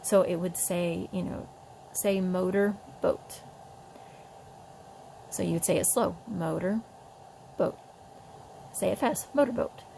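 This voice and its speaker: Woman, gravelly, flat delivery, parent teaching reading, faint background noise. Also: on the low side, rough recording. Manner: demonstrates sounds slowly, chatty with fillers. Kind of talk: casual home tutorial.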